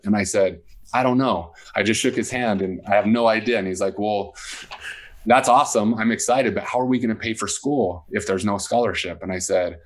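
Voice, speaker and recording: A man with a somewhat low voice tells a personal story to an interviewer. He talks casually and animatedly, stepping into the voices of the people he quotes. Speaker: guest.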